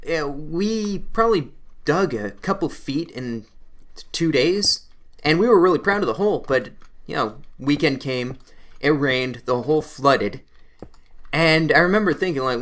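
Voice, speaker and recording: Young man, from Canada, gaming host, casual storytelling, rambling, animated. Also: a little high, a little slow, pauses often. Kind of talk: casual storytelling during a game playthrough.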